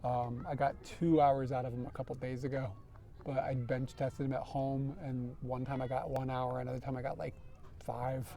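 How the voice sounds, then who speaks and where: A man's voice: medium pitch, little pitch movement, normal speed, gravelly, mellow. A man hosting a livestream, chatting casually outdoors on a clip-on mic and laughing through rambling stories. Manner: laughs often, rambling anecdotes. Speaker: livestream host. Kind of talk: casual chat. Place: outdoors, riding scooters. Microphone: wireless clip-on microphone.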